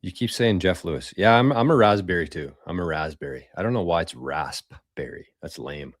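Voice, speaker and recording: Answering viewers on a casual live stream, this podcast host rambles loosely and swears freely. He speaks at normal speed in a low voice with lively intonation, and the sound is dry and close with no echo or room around it.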